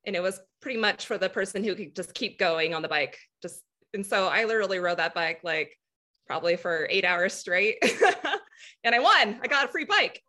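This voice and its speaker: A woman guest telling stories about her childhood in a relaxed casual interview, laughing often. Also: mid-range voice, normal speed. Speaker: guest athlete.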